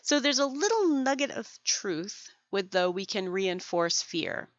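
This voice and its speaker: A woman hosting a podcast for dog groomers, explaining things in an animated way, acting out examples and laughing often. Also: mid-range voice, measured pace, no room sound, dull audio. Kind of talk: educational podcast monologue.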